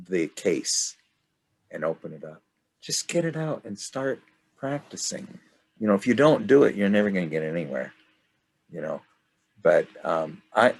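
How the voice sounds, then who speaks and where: Low husky older man, rambling. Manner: rambling, halting, many restarts. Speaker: study group leader. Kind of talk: casual group discussion.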